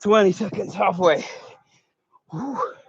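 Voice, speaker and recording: A fitness coach's voice sits high, expressive, slow, creaky and husky as he leads a live workout, panting, counting down seconds and encouraging people between little laughs. There's no echo, and the stream sound is dull and lo-fi.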